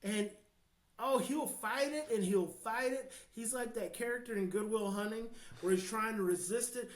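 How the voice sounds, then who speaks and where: An American man, a guest expert on a podcast, talking passionately and earnestly, dropping to a hush and then building to emphatic points. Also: high voice, roomy sound, rough recording. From United States. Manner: passionate, slows down to near-hushed then swells with emphasis. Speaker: guest, child behavior expert. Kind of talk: podcast interview, earnest advice.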